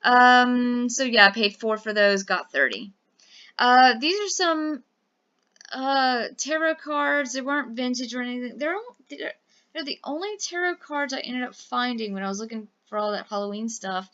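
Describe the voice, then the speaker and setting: A woman's voice: a little high, normal speed, sharp tone, clear, resonant tone, lo-fi sound. A woman from Louisiana chatting casually about her eBay sales, rambling with lots of fillers. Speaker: eBay reseller vlogger. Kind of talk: casual chat.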